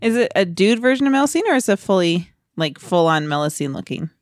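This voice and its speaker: A woman's voice: on the low side, big pitch swings, dry recording, clean studio sound. A woman playing in a tabletop game, chatting casually and laughing easily. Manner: bubbly, quick to laugh. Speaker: player.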